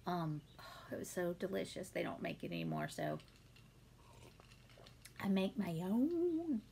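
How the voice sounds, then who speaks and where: Woman in her thirties, home vlogger, casual Q&A, gravelly fry, faint hiss behind. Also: fairly low pitch, huge pitch swings, measured pace. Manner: chatty, warm-hearted, many ums and laughs. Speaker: beauty vlogger answering viewer questions. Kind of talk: casual Q&A chat.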